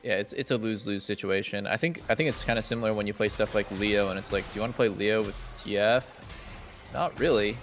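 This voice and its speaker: A man giving casual, excitable commentary on an esports match at a watch party, rambling and restarting often. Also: fairly low pitch, fast, a little hiss or hum. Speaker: stream co-caster.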